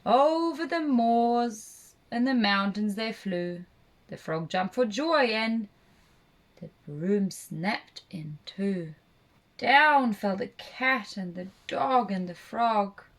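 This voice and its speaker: A woman narrating a rhyming children's story for a puppet show, slow and expressive. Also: medium pitch. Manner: slow, expressive read-aloud.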